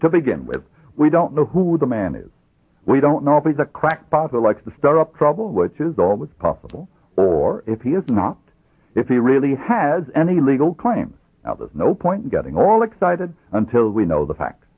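Calm methodical lawyer, dry wit, husky, 1950s radio drama. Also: male voice, medium pitch, normal speed. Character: calm, dry male lawyer, middle-aged. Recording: tinny old radio broadcast recording.

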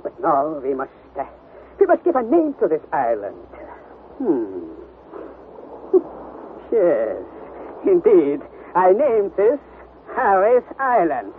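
An actor playing a stubborn, domineering older professor in a radio drama, brusque and commanding. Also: male voice, high voice, wildly swooping pitch, slow pace, pauses often, full character voice. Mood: dismissive. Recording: tinny old radio broadcast with hiss.

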